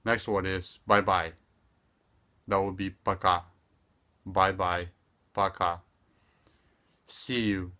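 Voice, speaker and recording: A young man teaching a casual online language lesson, repeating phrases slowly and deliberately with loose, chatty asides. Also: low voice. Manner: slow deliberate repetition of phrases, relaxed filler-heavy asides.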